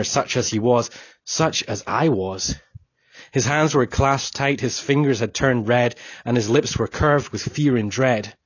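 A man reads an audiobook in a solemn, measured first person. His voice is husky and sits at an average pitch. The recording is dull and lo-fi, with a dry sound. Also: no room sound. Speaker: audiobook narrator. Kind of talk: scripted narration.

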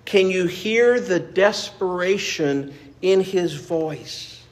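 A man preaching a sermon as pastor, earnest and measured, repeating phrases for emphasis. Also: high-pitched.

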